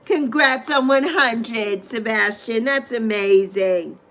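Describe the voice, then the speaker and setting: A woman's voice: fairly high pitch, takes it slowly, fairly bright tone. A middle-aged woman hosting a casual livestream, greeting viewers by name and repeating phrases with gushing affection. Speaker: livestream host.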